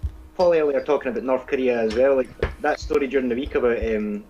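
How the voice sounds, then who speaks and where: Male co-host, quick anecdote teller, muffled lo-fi mic. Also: medium pitch, darkish tone. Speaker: podcast co-host. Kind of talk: casual chat. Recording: dull lo-fi sound.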